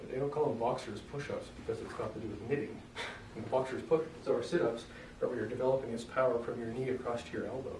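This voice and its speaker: A man coaching strikes in a loose, joking, hands-on way, stopping now and then to clear his throat. His voice comes from well away from the mic, bouncing around a roomy space, with a faint hum of ambience behind him. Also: mid-range voice, fairly even intonation, fast, warm tone, far from the mic. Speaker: self-defense instructor. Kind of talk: casual demonstration lesson.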